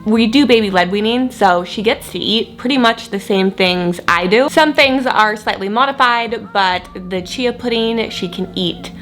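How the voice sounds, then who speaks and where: A woman's voice: a little high, moderate pace, hardly any pauses, a bit bright. A woman vlogging casually from her home kitchen, chatty and a little rambling, with a slight lisp. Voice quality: slight lisp from dental aligners. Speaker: lifestyle vlogger and single mom. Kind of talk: casual vlog narration.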